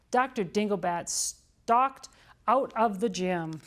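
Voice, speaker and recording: A woman reading a children's book aloud for storytime, lively and expressive. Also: mid-range voice, normal speed. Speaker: storytime reader.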